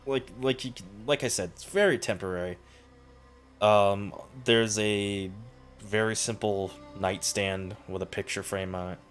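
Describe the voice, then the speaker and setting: A man's voice: lowish voice, fairly even intonation, unhurried, faint music behind. A man narrating a tabletop role-playing game as game master, in a loose, rambling way with fillers.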